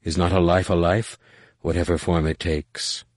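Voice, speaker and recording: A man voicing a calm riddling alien woman. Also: low voice, no echo, studio quality. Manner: slow, measured, questioning. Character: calm enigmatic female alien mentor, riddling. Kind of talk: audiobook reading.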